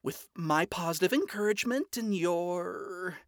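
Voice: mid-range voice, a little slow, dry recording, clean studio sound, voice pushed up, natural voice. A narrator voicing a cheerful, earnest young demon princess who talks in an upbeat, encouraging way, in a storybook reading.

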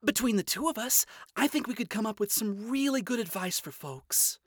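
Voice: mid-range voice, lively intonation, normal speed, dry recording, clean studio sound, voice pushed up, natural voice. A narrator voicing a cheerful, earnest young demon princess who talks in an upbeat, encouraging way, in a storybook reading.

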